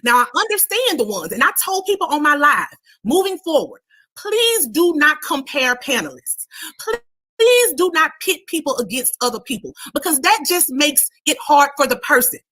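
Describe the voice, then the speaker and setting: Casting: high, bright woman, firm and insistent live-stream panelist. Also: very animated, normal speed. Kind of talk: heated live-stream argument.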